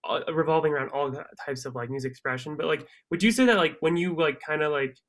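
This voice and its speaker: A man's voice: a little high, fast, a bit bright. A man interviewing a guest, asking long, meandering questions filled with "like".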